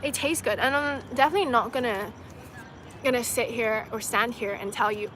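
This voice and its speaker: A woman's voice: fairly high pitch, fairly quick, a bit bright, a little hiss or hum. A young woman from China hosting a casual livestream outdoors, chatting loosely with lots of "like" and "you know" and laughing often. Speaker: livestream host answering viewer comments. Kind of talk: casual chat.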